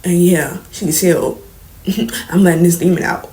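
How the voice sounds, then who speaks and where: A young woman, speaking softly and shakily in an emotional storytime confession, holding back tears and sometimes dropping to near whispers. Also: on the low side, steady tone, a little slow, poor audio. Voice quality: soft, trembling at times, drops to near whispers. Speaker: vlogger. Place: indoors, late at night.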